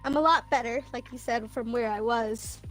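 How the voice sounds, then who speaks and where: A young woman with a high, bright-pitched voice talks openly on a casual stream, laughing easily between thoughts. Soft music sits faintly underneath. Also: moderate pace. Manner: candid, laughs often, emotional. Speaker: guest, best friend of host. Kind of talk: casual livestream chat.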